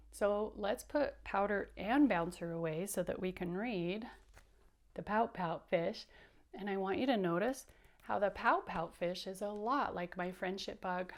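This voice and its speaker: A woman teacher giving a storytime lesson for young children, animated and asking them to repeat after her. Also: mid-range voice.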